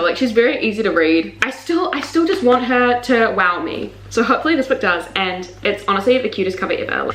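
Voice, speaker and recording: A woman in her twenties, a book vlogger, chatting casually and gushing excitedly as she unboxes, with lots of fillers. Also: mid-range voice. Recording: echoey room.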